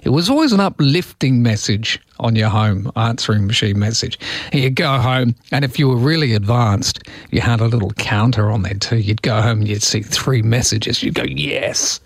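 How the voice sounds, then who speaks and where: A man's voice: medium pitch, normal speed, no echo, clean studio sound. A man hosting a morning radio show, chatting in a wry, rambling way with asides. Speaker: radio host. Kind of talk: casual morning radio chat.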